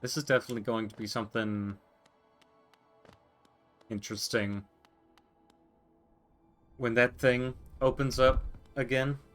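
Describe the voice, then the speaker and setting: A man's voice: medium pitch, little pitch movement, a little slow, pauses often, a bit bright, faint music behind. A man streaming a game, musing to himself in casual commentary and reading on-screen text aloud.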